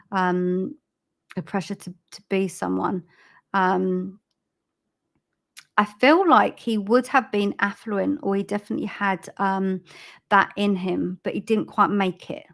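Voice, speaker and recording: A woman giving a live-streamed psychic reading, soft and halting, with frequent ums and repeated phrases. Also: mid-range voice, fairly even intonation, creaky. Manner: laughs at herself over tech trouble. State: choked up with emotion. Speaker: psychic medium.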